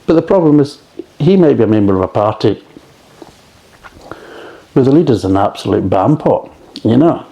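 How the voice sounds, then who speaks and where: A man's voice: mid-range voice, animated, normal speed, gravelly, long pauses, warm tone, lo-fi sound. A middle-aged man with a Scottish accent reviewing beer in a blunt, grumbling way and swearing often.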